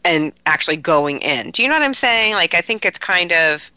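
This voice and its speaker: A middle-aged woman co-hosting a podcast, emphatic and animated in casual talk. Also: fairly low pitch, normal speed, smooth, no echo. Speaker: podcast co-host. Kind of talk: casual chat.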